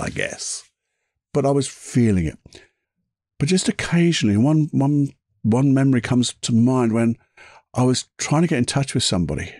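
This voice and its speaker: A man's voice: medium pitch, a little mellow, husky, no room sound, clean studio sound. A man hosting a podcast, telling personal stories in a chatty way and laughing at his own anecdotes. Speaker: podcast host. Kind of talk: casual storytelling monologue.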